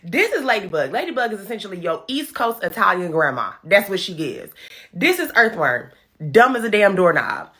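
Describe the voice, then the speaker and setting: A woman tells a movie's story as a comedy recap, sassy and profane, full of slang. Her voice is bright and forceful, and it swings widely in pitch as she talks. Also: very animated, normal speed. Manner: uses Black American slang.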